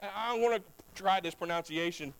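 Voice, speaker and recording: A man preaching a sermon as pastor, talking straight to his congregation and swinging between low, quiet passages and loud, climbing ones. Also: brisk, clean tone, rough recording. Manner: talks directly to the congregation.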